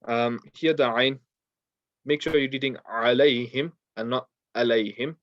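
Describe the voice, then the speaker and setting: A man teaching a Quran pronunciation lesson, patiently explaining mistakes and repeating words slowly for practice. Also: medium pitch, steady tone. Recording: dull, dry lo-fi sound.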